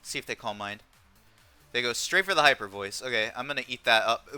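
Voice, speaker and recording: A young man narrates his competitive game match live, weighing every move aloud and filling pauses with ums. His voice is very bright and smooth, with soft music playing faintly behind him. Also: medium pitch, animated, dry recording. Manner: thinks aloud with frequent ums. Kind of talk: live gameplay commentary.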